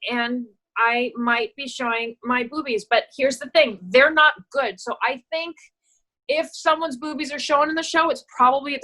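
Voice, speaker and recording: Bright-voiced woman telling lively stories. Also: high-pitched, low-quality recording. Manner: animated storyteller, acts out quoted voices, laughs often. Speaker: actress and producer, guest. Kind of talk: casual anecdote telling.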